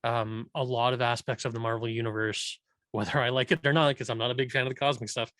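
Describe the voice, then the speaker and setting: A man talks at length in a relaxed podcast conversation and argues his views with many restarts. His voice sits at a middle pitch. The recording is dry and close, with no room sound. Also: fast, no echo. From Irish heritage. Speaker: podcast host. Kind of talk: casual chat.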